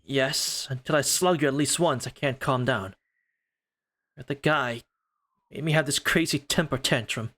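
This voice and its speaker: A man streamer reading aloud as a proud young female vampire alchemist, with stiff, formal, measured phrasing. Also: mid-range voice, a bit bright, lightly acted. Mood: sullen. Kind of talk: reading a game's story mode aloud.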